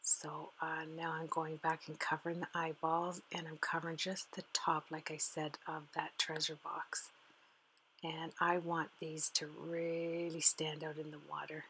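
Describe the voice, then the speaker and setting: A woman's voice: low voice, monotone, measured pace, fairly bright tone, slight background noise, poor audio. A woman hosting a card-making tutorial, chatting casually as she works through each step. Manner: chatty, fond of her materials, talks while working. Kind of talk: casual craft demonstration narration.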